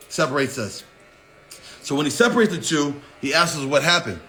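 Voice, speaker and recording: A man in his thirties spins a personal story in an easy, profane, conversational flow. His voice sits a little higher than most men's, and he talks like he's catching up with friends. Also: lively intonation, fast talker, a bit bright. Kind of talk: casual spoken storytelling.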